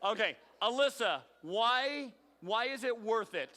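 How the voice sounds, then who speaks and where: A man's voice: very high-pitched, animated, measured pace, sharp tone. A man leading a youth group game, calling on teens by name with playful teasing. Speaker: youth pastor. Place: large hall with audience. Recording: long reverb from a large hall.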